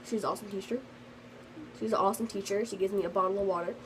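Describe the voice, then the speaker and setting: A woman's voice: medium pitch, steady tone, rapid-fire, noisy background. A teenage girl telling a storytime vlog in a rambling, casual way, full of fillers, and slightly sick. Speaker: vlogger.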